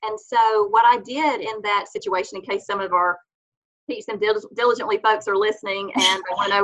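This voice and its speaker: A woman guest on a faith-based parenting podcast, explaining earnestly and acting out the gentle words she says to her children. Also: mid-range voice, steady tone, fairly quick, muffled recording. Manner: earnest, explanatory, acts out mother-child dialogues.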